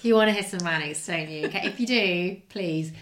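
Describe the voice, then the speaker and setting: Lowish woman teasing her co-host. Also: a little fast, fairly bright tone. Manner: mock-outraged, teasing. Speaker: podcast co-host. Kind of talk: casual chat.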